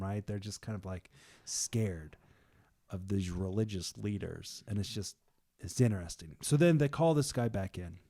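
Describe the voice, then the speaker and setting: A man's voice: fairly low pitch, normal speed, dark tone. A man leading a casual group discussion, retelling a story in a chatty way with slang and laughter.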